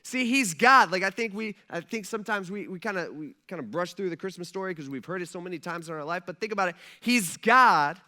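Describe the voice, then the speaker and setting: A male pastor delivering a sermon in a casual, animated style. His voice is high and bright and ringing, and he talks to the congregation like friends, with plenty of fillers. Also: brisk, few pauses. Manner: conversational and animated, with many fillers.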